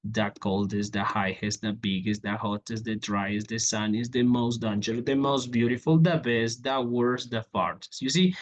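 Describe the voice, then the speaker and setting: A man teaching an English grammar lesson, reading out examples and checking in with "okay?" after each step. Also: mid-range voice. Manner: repeats "okay?" often, walks through examples on a board.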